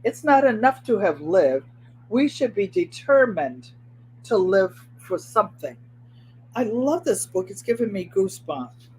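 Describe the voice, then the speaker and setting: A woman's voice: mid-range voice, sing-song, a little slow, slight background noise. Chatty woman hosting a craft livestream. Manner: chatty, motivational, talks straight to viewers; repeats phrases for emphasis. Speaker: host of a craft channel. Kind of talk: casual livestream chat. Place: at home, indoors.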